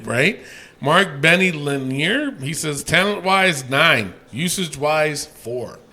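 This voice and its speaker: A man co-hosting a casual podcast, reading listener ratings aloud in a loose, profane way that swings from mumbling to yelling. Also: on the high side, lively intonation, slow pace.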